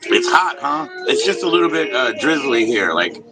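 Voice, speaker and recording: A man's voice: mid-range voice, very animated, moderate pace, poor audio. A man hosting a live stream, chatting casually with viewers in a laid-back, slangy and profane way. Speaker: livestream host. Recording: music playing in the background.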